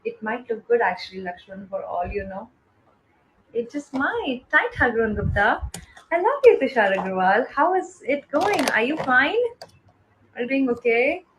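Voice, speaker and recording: A fairly high-voiced woman, chatting warmly with viewers on a live stream. She greets people by name, blows kisses and slides between English and Hindi. Her pep talks to viewers are soft and encouraging. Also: sing-song, normal speed, slight background noise, low-quality recording.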